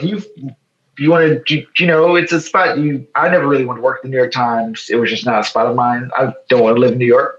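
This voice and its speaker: Animated storytelling man from Chicago. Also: mid-range voice, highs cut off. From Chicago, South Side. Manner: animated, fast storytelling with quoted dialogue. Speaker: guest, photo editor. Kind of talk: casual storytelling interview.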